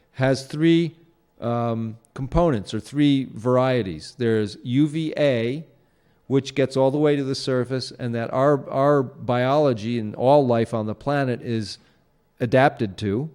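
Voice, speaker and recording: A man's voice: mid-range voice, unhurried, darkish tone, clear, resonant tone. A man hosting his own show, talking through a casual solo commentary in a rambling way, with many fillers and restarts. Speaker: show host.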